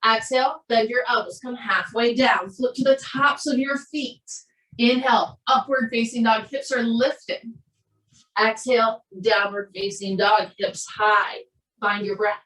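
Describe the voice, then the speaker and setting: A woman with a Minnesota accent, a yoga instructor giving calm, steady, breath-paced cues through a class. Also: fairly high pitch, a little slow. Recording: roomy echo, voice from a distance.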